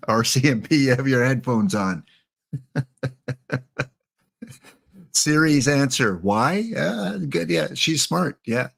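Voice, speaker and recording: A middle-aged man with a Canadian accent chats with his live viewers in a loose, joking way. His voice sits at an ordinary pitch. He drifts between asides and the next slide. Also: lively intonation, slow, creaky, pauses often. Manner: joking, chatty, answers chat. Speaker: livestream host. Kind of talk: casual livestream chat.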